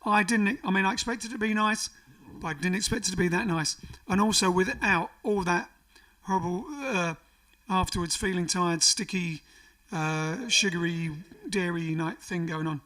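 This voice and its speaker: A man's voice: sits high, moderate pace, bright, forceful tone, far from the mic. A man hosting a casual livestream, reading out viewer comments in a jokey, rambling way. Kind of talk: casual chat. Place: home during lockdown.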